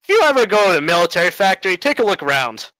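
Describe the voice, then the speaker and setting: A man's voice: high-pitched, big pitch swings, racing, pushed and bright, dry recording, poor audio. A man giving a rambling, casual debate argument, full of fillers and little laughs.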